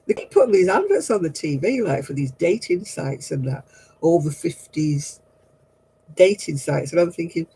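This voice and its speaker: A woman's voice: low voice, very animated, fairly quick, dark tone, husky, rough recording. A woman, chatting casually with viewers on a craft livestream, laughing often and dropping homely exclamations. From northern England.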